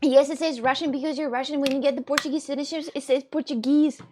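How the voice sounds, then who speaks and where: A woman vlogger in casual chat, arguing her point with halting restarts and fillers. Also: high-pitched, fairly even intonation, mellow, slight background noise.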